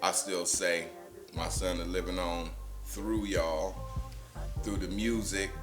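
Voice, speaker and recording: A middle-aged father speaking softly in an interview, halting and repeating words. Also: low-pitched, flat delivery, music in the background. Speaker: father of the late friend. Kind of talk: documentary interview.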